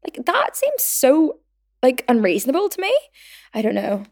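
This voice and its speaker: Speaking at normal speed with a high voice and huge pitch swings, this twenty-something Northern Irish woman hosts a podcast in a Belfast accent. Her chat is casual and packed with "like," and she acts out quoted lines in her stories.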